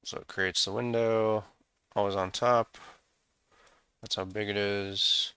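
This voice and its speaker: A man with a deep, gravelly voice thinks aloud as he works through his code in a casual walkthrough. His tone is bright and smooth despite the gravel. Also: steady tone, slow, no echo. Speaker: programmer screencasting code.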